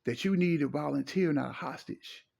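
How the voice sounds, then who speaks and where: A man's voice: a little high, moderate pace, vocal fry, darkish tone, slightly rough. A middle-aged man, giving preachy, emphatic relationship advice in a casual monologue and repeating his phrases. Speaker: relationship commentator.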